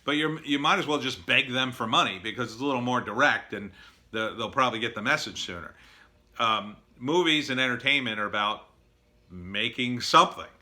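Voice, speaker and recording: Blunt, bright-voiced man giving advice. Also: mid-range voice, brisk. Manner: blunt, opinionated, with many fillers and acted-out quotes. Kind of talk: casual monologue.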